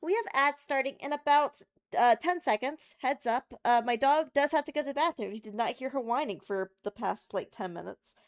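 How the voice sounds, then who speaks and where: A woman's voice: high-pitched, moderate pace, hardly any pauses, dry recording, studio quality. A woman streamer chatting casually and thinking aloud while playing a game. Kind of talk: casual live-stream chat while gaming.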